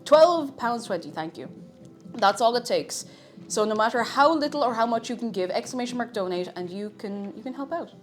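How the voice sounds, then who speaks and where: A woman streamer with a fairly high, animated voice talks a little fast as she bakes in her home kitchen. Soft music plays while she chats casually with viewers and laughs at herself.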